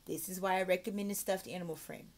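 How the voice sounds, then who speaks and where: A woman with a lowish, darkish voice and steady tone gives a mock online English lesson. She alternates between explaining to viewers and a sing-song voice modeling praise and phrases for young learners, drawing those model phrases out slowly.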